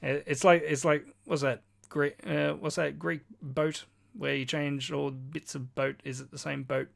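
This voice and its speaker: Slow-talking podcast co-host with dry jokes. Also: medium pitch, flat delivery, vocal fry. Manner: slow, dry joking asides. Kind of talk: casual pop-culture chat.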